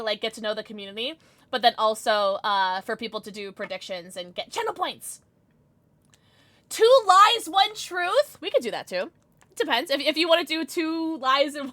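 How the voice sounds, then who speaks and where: A woman streamer chatting casually with her live audience, bubbly and giggly, rattling off quick greetings. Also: on the high side, fairly bright tone. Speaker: Twitch streamer.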